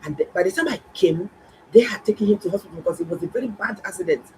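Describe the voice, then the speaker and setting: A middle-aged woman, a doctor, telling viewers a story in a casual, animated and exclaiming way. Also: mid-range voice, rapid-fire, slight background noise, rough recording. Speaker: doctor and health vlogger.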